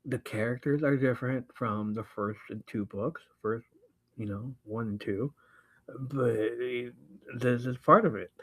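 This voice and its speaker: A man hosting a podcast, casually recapping a book, excitable and laughing often, swearing freely. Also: medium pitch, measured pace, slightly rough, rough recording. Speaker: podcast host.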